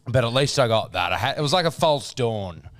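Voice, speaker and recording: A man's voice: mid-range voice, animated, a little fast. An Australian man co-hosting a sports podcast, rambling and self-deprecating with lots of fillers. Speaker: podcast co-host. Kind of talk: casual sports betting chat.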